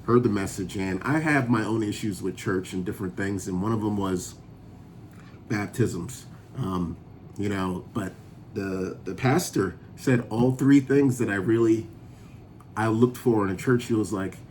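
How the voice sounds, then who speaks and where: A man telling his personal testimony in a relaxed, chatty way, often laughing as he goes. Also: lowish voice, a little slow, a little hiss or hum. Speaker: vlogger sharing a sobriety testimony. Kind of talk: casual personal storytelling.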